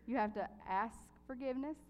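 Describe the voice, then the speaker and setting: Woman preacher, lively testimony, higher voice, echoing hall. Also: brisk, lo-fi sound, faint music behind. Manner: animated storytelling, laughs often. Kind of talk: sermon with personal testimony.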